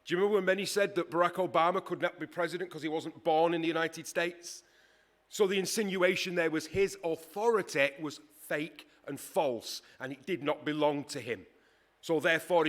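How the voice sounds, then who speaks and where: A man preaching a sermon in a conversational, emphatic way, with dramatic pauses. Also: on the high side, a bit bright.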